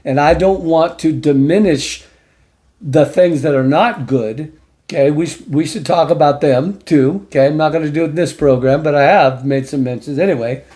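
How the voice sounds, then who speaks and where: A middle-aged male host delivers his commentary with a preacher's insistence, leaning on repetition to drive points home. His voice is mellow and dark in tone yet rides slightly high in pitch. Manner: emphatic, preachy, repeats for stress. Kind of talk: opinion commentary show.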